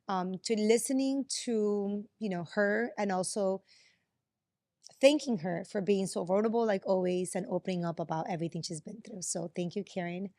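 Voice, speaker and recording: A woman's voice: medium pitch, moderate pace, no echo. A woman hosting a podcast, effusive and encouraging in casual chat. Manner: warm, effusive, thanking and encouraging. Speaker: podcast host.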